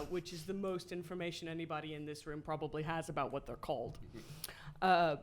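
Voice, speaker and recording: A woman player in a live tabletop game, narrating her character's moves and bursting into exclamations. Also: lowish voice. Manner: animated, exclamatory. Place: live theatre stage.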